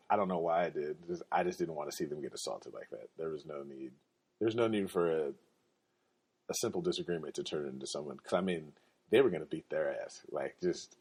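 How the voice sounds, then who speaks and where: A man's voice: sits low, darkish tone, breathy edge. A man hosting a podcast, telling a story in a casual, slangy, rambling way. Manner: laid-back, slangy, rambling with restarts and fillers. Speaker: podcast host.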